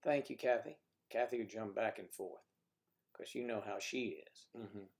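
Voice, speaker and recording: A man's voice: lowish voice, normal speed, gravelly. Joking, rambling male stream host. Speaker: livestream host. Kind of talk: casual livestream chat with guests.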